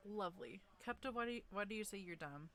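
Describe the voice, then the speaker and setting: A woman's voice: mid-range voice, animated, fast talker, a bit bright. A woman hosting a livestream where friends read fanfic together. She giggles often, puts herself down, and stumbles and restarts her words. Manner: giggly and self-deprecating, laughs often between lines. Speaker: streamer hosting a group fanfic reading. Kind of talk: casual livestream chat.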